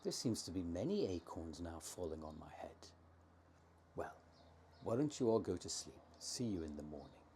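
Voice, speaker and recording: A man's voice: low-pitched, very animated, normal speed, dark tone, slight background noise. A man playing a sarcastic mythic giant. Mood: mocking. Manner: sarcastic, mock-innocent. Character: huge mocking male giant of myth.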